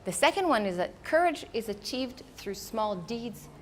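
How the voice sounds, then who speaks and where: A woman who is not a native English speaker, giving a lively storytelling motivational talk to a live audience. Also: fairly high pitch, moderate pace, a little hiss or hum. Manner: animated storytelling, acting out her own inner voice. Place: event hall before a live audience.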